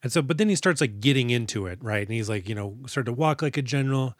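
A man's voice: mid-range voice, animated, quick pace, dry recording, clean studio sound. A man co-hosting a casual movie podcast, joking and acting out lines from films. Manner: jokey, acts out movie lines in quoted voices. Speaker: podcast co-host.

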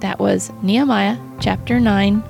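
A woman co-hosting a radio show, talking about the Bible in an earnest, halting way with many restarts. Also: mid-range voice, steady tone, gravelly, over music. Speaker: radio co-host. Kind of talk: casual Bible talk.

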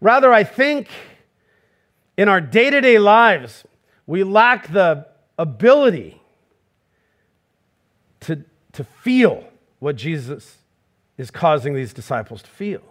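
A man's voice: high-pitched, sing-song, takes it slowly, pauses often, fairly bright tone. A male pastor preaching a sermon, emphatic and full of rhetorical questions, acting out quoted voices as he goes.

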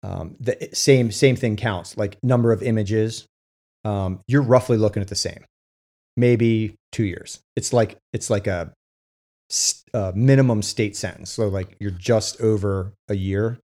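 A man with a fairly low voice talks through legal cases in a loose, halting way. He stops and restarts often and leans on fillers. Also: dark tone. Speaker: co-host with legal case experience. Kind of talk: casual discussion.

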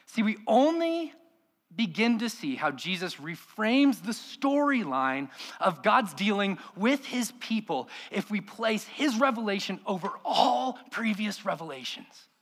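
Man, pastor, sermon, high voice, emphatic, rhetorical questions. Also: pushed and bright.

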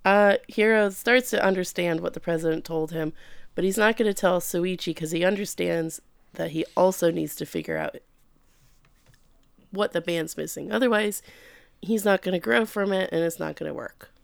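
A woman's voice: on the low side, moderate pace, creaky, clean tone, no room sound. A woman co-hosting a casual podcast recap, playfully acting out characters' lines as she tells the story. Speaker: podcast co-host recapping an anime. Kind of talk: casual chat.

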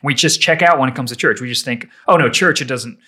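A man talks through his ideas in a relaxed, conversational way, often restarting sentences and reaching for everyday comparisons. His voice is bright and forward, and he sits at a middling pitch. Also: fast, husky. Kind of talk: casual chat.

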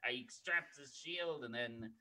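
A man co-hosting a podcast, recapping a film in casual, profane, animated chat and humming the score. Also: mid-range voice, slow pace. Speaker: podcast co-host.

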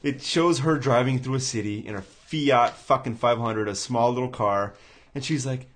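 A man's voice: medium pitch, moderate pace. A man hosting a casual podcast, ranting with lots of swearing and mockery. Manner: animated, swears a lot, mocking. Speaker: podcast host. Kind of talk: casual profane rant.

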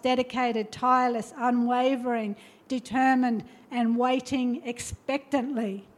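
High-voiced woman preaching. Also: a little mellow. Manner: emphatic, urging, with repeated rhetorical questions. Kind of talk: sermon. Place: church.

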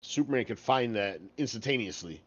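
A man's voice: mid-range voice, expressive, a little fast, crowd noise. A man co-hosting a casual podcast, talking about a TV show in a dry, matter-of-fact, profane way. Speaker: podcast co-host. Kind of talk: casual chat reviewing a TV episode. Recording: dull lo-fi dry sound.

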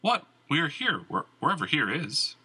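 A man's voice: on the high side, huge pitch swings, moderate pace, sharp tone, slightly rough, voice pushed up, full character voice. A man voicing a wary young adventurer. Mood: uneasy.

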